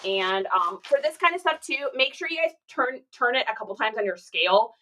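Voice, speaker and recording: Bright, chatty woman reseller. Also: a little high, expressive, fairly quick, low-quality recording. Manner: chatty and upbeat, greets viewers by name. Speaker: reseller livestreaming her shipping. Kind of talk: casual livestream chat.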